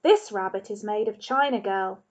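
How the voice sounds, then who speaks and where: A woman reading the part of a big, bearded homeless man who talks to a dog and a toy rabbit in a courteous, gently teasing, wordy way. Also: mid-range voice, moderate pace, lightly acted. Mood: gentle. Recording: dull lo-fi recording.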